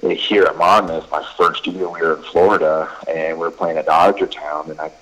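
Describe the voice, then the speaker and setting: Telling stories on a laid-back podcast, this male college baseball head coach rambles through anecdotes packed with fillers like "you know" and "like," voicing both sides of a dispute. His very low, husky voice is steady and fairly bright, at a moderate pace. Audio quality is poor, though the sound leans broadcast-style.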